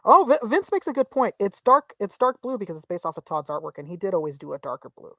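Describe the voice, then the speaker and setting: Lively chatty woman reading chat. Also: mid-range voice, fast, dry recording, studio quality. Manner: chatty, many restarts, animated reading of comments. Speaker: podcast co-host reading chat. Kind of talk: casual live-stream chat.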